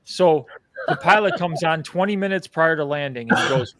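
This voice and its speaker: A man co-hosting a livestream, chatting casually and telling an animated story about air travel. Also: a little high, normal speed, no echo. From United States. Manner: animated storyteller acting out voices. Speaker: livestream co-host. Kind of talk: casual chat.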